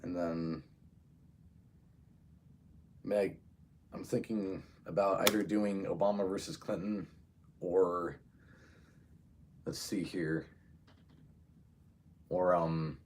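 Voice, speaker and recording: A man's voice: sits low, fairly even intonation, slow pace, long pauses, a little mellow, a little hiss or hum. A man talking casually in a solo vlog, rambling and hesitant as he thinks aloud. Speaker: video creator.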